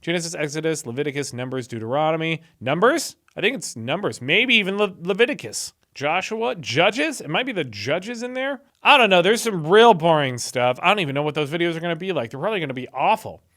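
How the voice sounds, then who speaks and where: A man's voice: a little high, fairly quick, few pauses. A man reading a chapter of the Bible aloud for a video and breaking off into sarcastic comments. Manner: sarcastic, animated asides between read passages.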